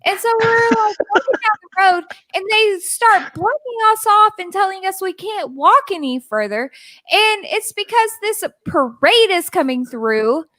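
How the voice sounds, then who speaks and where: A woman co-hosting a podcast, telling a story in casual chat, animated and exasperated, swearing and acting out what others said. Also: very high voice, measured pace, dry recording, rough recording. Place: podcast recorded live with co-hosts.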